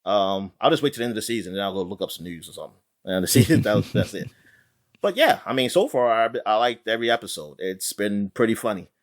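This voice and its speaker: A man co-hosting a gaming podcast, chatting casually, animated and laughing, rambling with restarts. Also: lowish voice, fast talker. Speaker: podcast co-host. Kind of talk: casual chat.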